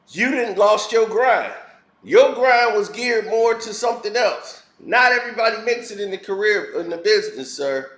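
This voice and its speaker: A man's voice: sits high, moderate pace, a bit bright. A man giving a blunt, heated and preachy opinion rant as a commentary vlogger. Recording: roomy echo.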